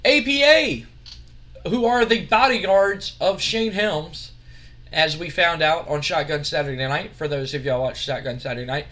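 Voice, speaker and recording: A man's voice: high voice, bright, forceful tone. A man casually recapping a wrestling sim game in a chatty, rambling way. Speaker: game host.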